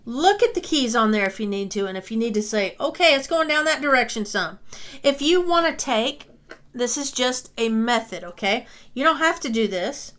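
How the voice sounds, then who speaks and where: A woman's voice: a little high, animated, normal speed, fairly bright tone. A woman teaching a music lesson, talking patiently and reassuringly, often checking in with "okay?", and sometimes singing along.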